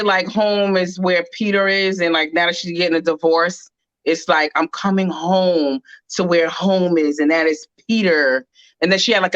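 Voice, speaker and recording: A woman co-hosting a casual gossip chat with a bright, forward voice. She rambles and passes judgment, stacking filler words. The sound is dry and close. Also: fairly low pitch, dry recording, lo-fi sound. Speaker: co-host.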